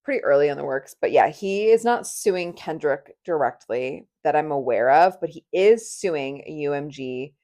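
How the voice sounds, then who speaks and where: A woman in her twenties co-hosts a podcast, gossiping and laughing often, her chat packed with "like" fillers. Her low, mellow voice has lively intonation and moves at normal speed with few pauses.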